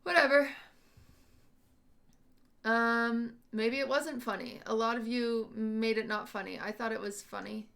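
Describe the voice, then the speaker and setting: Woman streamer, casual chat to viewers, slightly high and bright voice, thinking out loud. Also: steady tone, a little slow, vocal fry, long pauses. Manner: thinking aloud, questioning, unsure. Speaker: livestream host.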